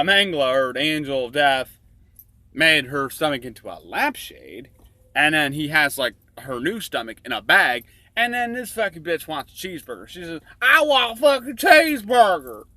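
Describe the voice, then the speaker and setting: A man talks through his own illustrated story in crude, profane comic commentary, rambling with plenty of fillers. His pitch swings in a lively way and his tone is bright and forward, in a dry, close recording. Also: normal speed, no room sound.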